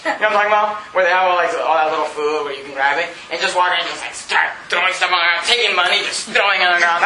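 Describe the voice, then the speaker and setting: High, bright-voiced preacher in an echoey church. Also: male voice, slight background noise. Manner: folksy preaching, reads scripture slowly, builds to loud emphatic peaks. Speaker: pastor. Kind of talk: sermon. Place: church sanctuary.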